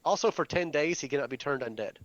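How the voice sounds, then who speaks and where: A man's voice: on the high side, fast, fairly bright tone, lo-fi sound. A man playing a tabletop game, earnestly and methodically asking the game master about rules. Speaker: player. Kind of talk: casual tabletop play.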